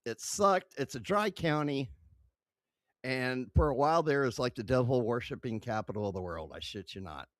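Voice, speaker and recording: A man hosting a casual reaction commentary, excitable and swearing freely, recorded dry and close. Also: mid-range voice, moderate pace, no room sound. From Texas. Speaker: host reacting to footage.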